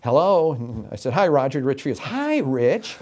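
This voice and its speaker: A middle-aged man from Florida, an interview guest telling his story with animated, emphatic delivery and acted-out quotes. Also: mid-range voice, fairly quick. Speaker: interview guest, game show announcer.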